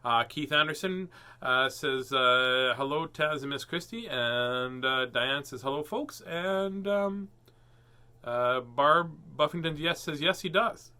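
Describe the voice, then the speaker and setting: Playful bright-voiced livestream host man. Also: medium pitch, slow pace, clean tone. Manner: playful, jokey, sings silly warm-ups and laughs often. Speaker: host reading children's books. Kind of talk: casual livestream chat.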